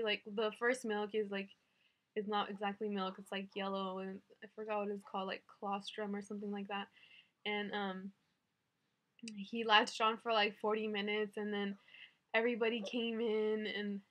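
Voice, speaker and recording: A woman's voice: mid-range voice, a bit bright. A young woman in her twenties telling a personal story to camera in a chatty, emotional way, filling her talk with "like". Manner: chatty, says "like" constantly, emotional. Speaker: new mother vlogger.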